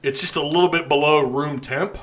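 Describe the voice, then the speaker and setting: A man hosts a casual live stream, rambling and joking between sips of beer. His voice sits a bit high for a man and sounds bright and forward. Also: steady tone, a little fast. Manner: rambling, joking, drinking beer while talking. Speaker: podcast host.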